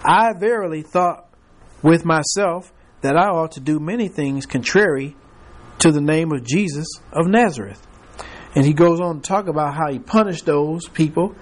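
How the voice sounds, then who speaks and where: A man's voice: a little high, normal speed. A man teaching a Bible class, reading scripture aloud and prompting the class to fill in the words, with chuckling asides.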